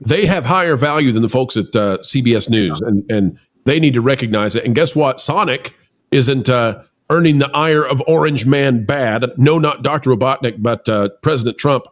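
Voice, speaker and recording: A man hosting a casual news commentary show, talking in an animated, teasing way and exclaiming often. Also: medium pitch, normal speed. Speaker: show host. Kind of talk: casual political commentary chat.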